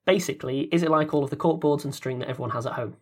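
A man hosting a question session, reading out questions in a measured, steady way. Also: on the high side. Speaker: podcast director and interviewer.

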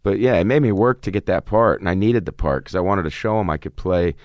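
Deep-voiced man, dry close sound. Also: lively intonation, fast talker, darkish tone, no echo. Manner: rambling, many fillers and restarts. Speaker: actor as guest. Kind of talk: casual interview chat.

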